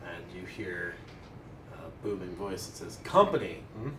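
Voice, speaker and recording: A man with a fairly low voice narrates a tabletop role-playing game as dungeon master. He talks in a loose, casual way, full of fillers and restarts. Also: little pitch movement, unhurried, background noise. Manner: casual, hesitant, lots of filler words.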